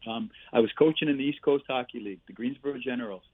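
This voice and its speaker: A man's voice: mid-range voice, quick pace, breathy edge, dry recording. Man telling hockey stories over phone. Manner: animated anecdotes with laughs and "eh" tags. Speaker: guest, former player and coach. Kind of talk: storytelling interview. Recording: tinny phone-like line.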